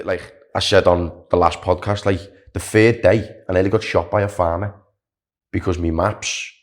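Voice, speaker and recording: A young man, a podcast guest, telling a story in a chatty, animated way, full of "like" and "do you know what I mean". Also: low-pitched. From Wales. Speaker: podcast guest, long-distance walker. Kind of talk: casual storytelling.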